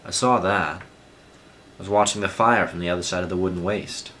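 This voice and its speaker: A man voicing a big burly thief who is fierce and anguished, loud and raw. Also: low-pitched, fairly even intonation, moderate pace, slight background noise. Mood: gruff.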